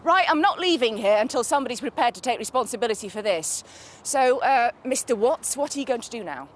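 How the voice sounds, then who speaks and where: A woman's voice: a little high, lively intonation, fast, lightly acted. Actress doing an angry customer lady, snaps and scolds, voice jumps all over, bit of street noise. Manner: cutting, indignant, scolding. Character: furious woman customer, sharp and demanding. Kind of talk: TV soap acting.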